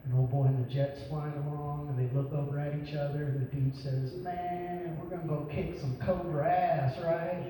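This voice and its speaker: A man's voice: on the high side, flat delivery, moderate pace, few pauses, warm tone. A man performing a crude, profane stand-up set in a comedy bar. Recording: echoey club room, mic heard from far, noisy.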